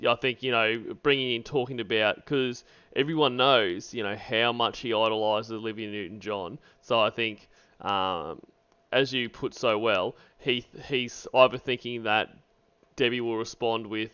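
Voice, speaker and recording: A man's voice: mid-range voice, fairly even intonation, unhurried, sharp tone, smooth, dull audio. A man giving loose, casual commentary on radio calls as a stream host, swearing freely.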